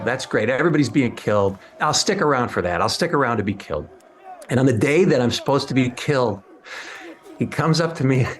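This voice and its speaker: A man tells a story in a wry, deadpan way, with his voice sitting in an ordinary middle range. Faint music plays softly behind him. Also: medium pitch. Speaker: actor telling a story. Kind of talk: anecdote.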